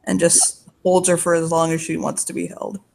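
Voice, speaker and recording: Gravelly-voiced role-play narrator. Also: mid-range voice, level tone, normal speed. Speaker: player. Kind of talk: narrating own character in a tabletop role-play.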